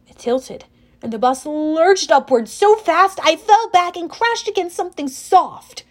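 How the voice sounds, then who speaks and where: A woman narrating an audiobook in first person, wry and expressive. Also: extremely high pitch, unhurried.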